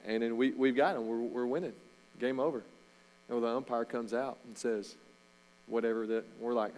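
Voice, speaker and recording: A middle-aged man, a coach giving an informal, animated sermon talk in a church. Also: medium pitch, moderate pace, rough recording. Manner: storytelling, animated, with loud shouted bursts.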